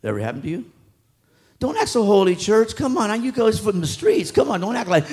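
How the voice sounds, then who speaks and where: A man preaching a sermon in a church, animated and acting out street talk. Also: high-pitched, a little fast.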